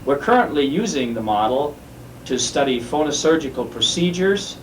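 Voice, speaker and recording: A man's voice: on the high side, expressive, moderate pace. A man researcher giving a scripted, earnest explanation of his lab work. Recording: distant mic with faint hum.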